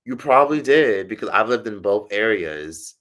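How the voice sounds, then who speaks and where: A man's voice: lowish voice, lively intonation, normal speed, fairly bright tone. A man chatting casually on a livestream, reading comments and rambling with loose, profane talk. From United States.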